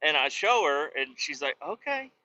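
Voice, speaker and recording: A man's voice: mid-range voice, normal speed, sharp tone, dull audio. A man, a truck driver, casually telling stories on a vlog from inside his truck cab, chatty and profane.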